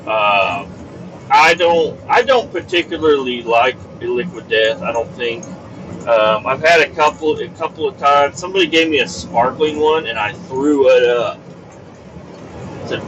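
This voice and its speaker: A man's voice: mid-range voice, unhurried. Profane rambling man talking while driving. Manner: profane, rambling, exasperated rants. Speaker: podcast host. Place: inside a moving vehicle on the highway. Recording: distant, dull mic with road noise. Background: car and road noise.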